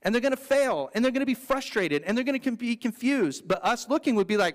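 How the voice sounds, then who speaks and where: A man with a high, light voice delivers an earnest, conversational sermon, dropping in playful asides. His voice carries a long reverb from the church sanctuary around him. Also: expressive, fast talker, hardly any pauses. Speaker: pastor.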